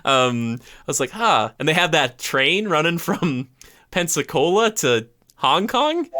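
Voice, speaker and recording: A man's voice: on the high side, big pitch swings, unhurried, bright, forceful tone. A man co-hosting a podcast, chatting casually about a movie and acting out scenes in quoted voices. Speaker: podcast co-host. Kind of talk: casual movie review chat.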